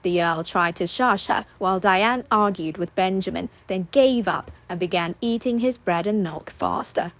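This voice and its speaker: A woman narrates an audiobook in a steady, expressive storytelling voice. Her pitch sits in the middle range, neither high nor low. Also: normal speed, hardly any pauses.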